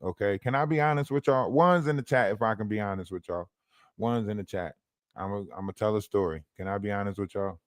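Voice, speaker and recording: A man hosting a livestream who tells a story in an animated way and keeps checking in with his chat. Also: lowish voice, no room sound, studio quality. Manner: animated, keeps asking the chat "you hear me?". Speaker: livestream host.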